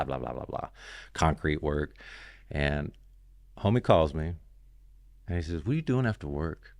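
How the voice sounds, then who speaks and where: A man's voice: rumbling low, creaky, no room sound. A man guesting on a podcast, telling his story in a loose, rambling way full of "you know" and "man". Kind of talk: casual storytelling interview.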